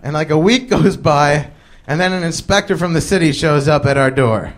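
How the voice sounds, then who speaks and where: Comedian guy rambling through a story onstage, fairly high voice, crowd laughing behind him. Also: moderate pace. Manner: loose, chatty delivery with many fillers, puts on voices for quoted people. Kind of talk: live comic storytelling. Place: stage before a live audience. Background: audience laughter.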